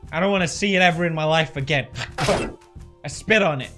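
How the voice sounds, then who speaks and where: A man hosting a comedic meme-rating show, goofy and animated, swinging from mumbling to shouting. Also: fairly high pitch, normal speed, music in the background. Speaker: YouTuber host.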